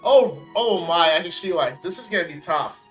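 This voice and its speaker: A man's voice: fairly high pitch, animated, moderate pace, fairly bright tone, faint music behind, low-quality recording. A man hosting a live game stream, rambling and joking with frequent laughter. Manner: goofy, laughing, rambling jokes. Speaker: streamer host. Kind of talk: live gameplay chat.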